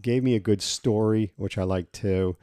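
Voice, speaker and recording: A man co-hosting a podcast in casual chat, blunt with his opinions and quick to laugh. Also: lowish voice, fairly even intonation, dark tone, no room sound, studio quality. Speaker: podcast co-host.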